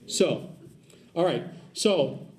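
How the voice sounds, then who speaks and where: A man's voice: a little high, lively intonation, drawn-out words, a little mellow. A man giving a public speech at a community celebration, telling a personal story with joking asides to the audience and repeating his key points. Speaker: guest speaker at a community celebration.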